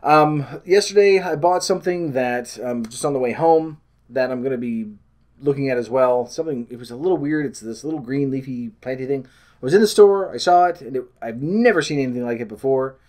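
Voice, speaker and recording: Man, casual vlog chat, rambling, self-deprecating, medium pitch. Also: brisk, a little mellow. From Canada. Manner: rambling, self-deprecating, loses his train of thought. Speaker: weight loss vlogger.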